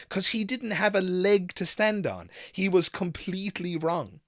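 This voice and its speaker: A man hosting a live Q&A, telling a story in an animated, frank way and swearing casually. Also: medium pitch, normal speed, few pauses, no echo, studio quality. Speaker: host.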